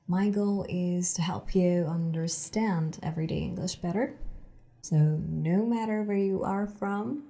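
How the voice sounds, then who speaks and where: Slow, mellow-voiced woman teaching English. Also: lowish voice. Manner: slow, repeats phrases for learners. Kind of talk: explaining language lesson.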